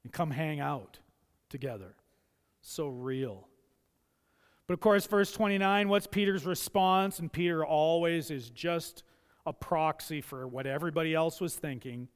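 Speaking a little slowly, a male pastor delivers a fervent church sermon in a high, smooth, resonant voice, frequently imitating those he quotes. Every phrase is followed by a long, echoing hall reverb.

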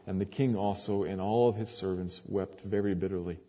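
Dark-voiced man reading scripture in a hall. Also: low-pitched, fairly even intonation, a little fast. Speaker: preacher. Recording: long hall reverb.

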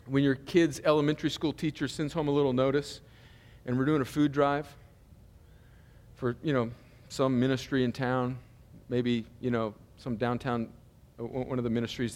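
A pastor preaching a sermon in a loose, conversational style, full of humor and asides. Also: male voice, mid-range voice, little pitch movement, brisk, a little mellow, big-room sound.

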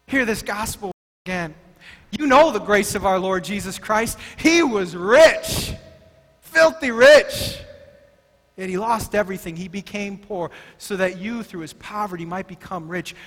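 A man preaching a sermon as pastor, emphatic and excitable, often stumbling over his words as he restarts. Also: high-pitched, a little slow. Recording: long hall reverb.

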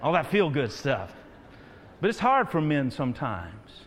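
A pastor with a high-pitched voice delivers a sermon, urging on his congregation and building to loud calls. His sing-song, unhurried delivery echoes through a large church hall with a long reverberant tail, over a faint hiss or hum.

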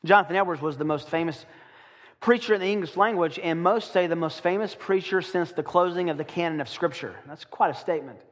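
A man preaching a sermon to his congregation, with dramatic slowdowns when he reads aloud. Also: fairly high pitch, big-room sound. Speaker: pastor.

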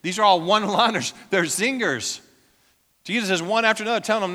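A male pastor preaching a sermon in a church, emphatic, swinging from loud declarations to hushed intensity. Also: high-pitched, animated, fairly quick. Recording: echoey church hall with long reverb.

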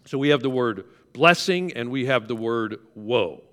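A man's voice: mid-range voice, lively intonation, a little slow, fairly bright tone. A pastor preaching a conversational sermon, coaxing his congregation to repeat words after him. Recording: long hall reverb.

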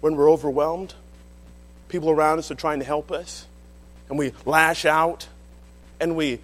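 A male pastor telling a humorous personal story in a sermon, animated and often laughing as he talks. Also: a little high, unhurried, long pauses, in a large hall.

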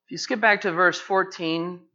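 A man's voice: high-pitched, steady tone, normal speed, pushed and bright. A man preaching a sermon as pastor, repeating phrases and building to urgent pleading. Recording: dull lo-fi church recording.

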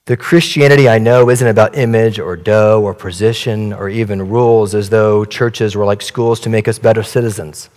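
A male pastor voicing a gentle, grave elderly apostle in a poem reading, dropping his voice low and soft. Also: fairly even intonation, normal speed, hardly any pauses, big-room sound, natural voice. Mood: solemn.

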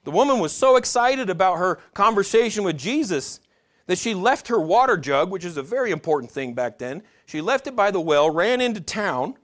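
Earnest male preacher, slightly high voice. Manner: earnest preaching with frequent restarts, addresses congregation directly. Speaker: pastor. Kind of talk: sermon.

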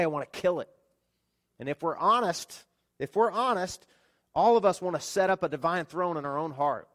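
A pastor preaching a sermon, telling stories with lively rhetorical questions to his congregation. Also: on the high side.

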